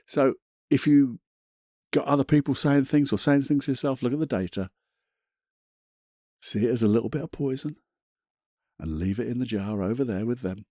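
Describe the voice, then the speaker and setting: A man's voice: on the low side, mellow, no room sound, studio quality. A man hosting a self-help podcast, talking in a blunt, chatty, motivational way with the odd mild swear. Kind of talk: casual motivational monologue.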